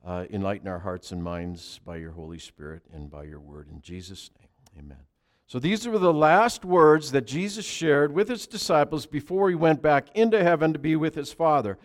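A male pastor preaching a sermon, pressing key phrases hard and then dropping into quiet asides. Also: on the high side, animated, normal speed.

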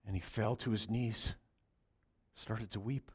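A man telling a Christmas Eve story as a preacher, in a soft, halting way that drops to a hush. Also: on the low side, fairly even intonation, husky.

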